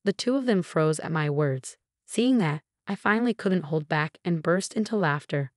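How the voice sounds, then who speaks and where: This is a first-person story told by a forties-aged woman whose voice sits on the low side. Her delivery stays even and steady from start to finish, captured in a close, dry recording with no room sound.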